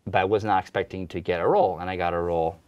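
Low-voiced man telling stories. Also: very fast, muffled recording. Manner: relaxed, joking storyteller. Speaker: actor and guest. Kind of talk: casual interview chat.

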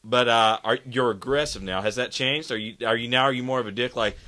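A man's voice: mid-range voice, fairly even intonation, brisk, bright, forceful tone. A man hosting a podcast interview, loose and joking, swearing freely. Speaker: podcast host. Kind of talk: casual interview chat.

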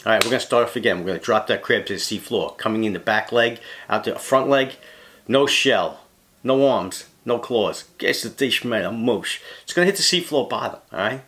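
Blunt man with a bright, forceful voice. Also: medium pitch, expressive, fairly quick. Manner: blunt, says "all right?" after nearly every point. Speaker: fishing guide. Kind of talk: casual how-to demonstration.

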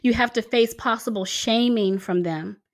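Earnest higher-voiced woman in her forties. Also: normal speed. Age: 40s. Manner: earnest, emphatic, pushes harder when stressing a point. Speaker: channel host. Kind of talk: commentary to camera.

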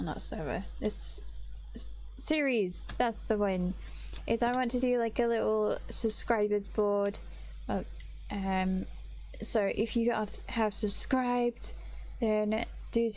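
A woman's voice: medium pitch, a little mellow, a little hiss or hum. A young woman casually commenting on her own gameplay, chatty and self-mocking, greeting monsters in a sing-song voice. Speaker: gaming channel host.

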